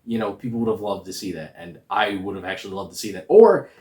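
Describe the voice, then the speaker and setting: A man's voice: fairly low pitch, fast. Slangy man reviewing a movie, roomy echo. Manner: slangy, animated, rambling. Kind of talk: casual spoiler review.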